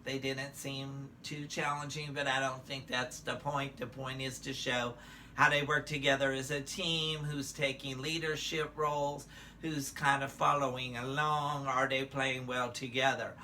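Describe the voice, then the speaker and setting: A man's voice: mid-range voice, little pitch movement, a little slow, pushed and bright, a little hiss or hum. An older man, a drag performer, giving a chatty, casual review of a show's contestants, with frequent filler words and playful asides.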